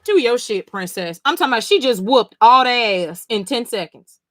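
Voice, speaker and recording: A woman hosting a live comic-reading stream, reacting in an animated, profane, exclaiming way. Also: a little high, moderate pace, no room sound. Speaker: comic-reading livestream host.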